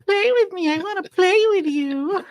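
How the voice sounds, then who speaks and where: A man voicing a creepy ghostly little girl in a high wailing falsetto. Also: moderate pace. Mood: eerie pleading.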